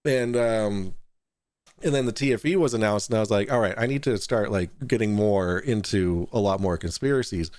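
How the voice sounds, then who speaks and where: A man's voice: fairly low pitch, normal speed, a little mellow, dry recording. Man host, dry close sound. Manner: rambling, restarts often, laughs easily. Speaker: talk show host. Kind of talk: casual podcast chat.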